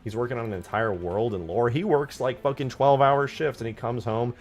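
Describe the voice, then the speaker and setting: A man's voice: mid-range voice, a little fast, darkish tone. A young man streaming his game modding, chatting casually and profanely as he rambles and answers chat. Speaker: live streamer, game modder. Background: faint music.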